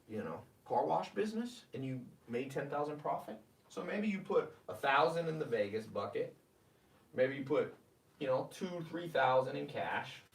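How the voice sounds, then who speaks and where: Guy hyping up money advice on a livestream, reading out comments, kinda far from the mic in an echoey room. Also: medium pitch. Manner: energetic, animated, preachy, reads viewer comments aloud. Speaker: host. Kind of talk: live-streamed money advice talk.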